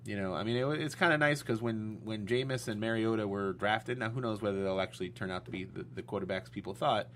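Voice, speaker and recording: A man's voice: on the low side, fast talker, hardly any pauses, a bit bright, slight background noise. A man co-hosting a podcast, chatting casually and hesitantly, searching for words with fillers. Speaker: podcast co-host. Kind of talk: casual sports chat.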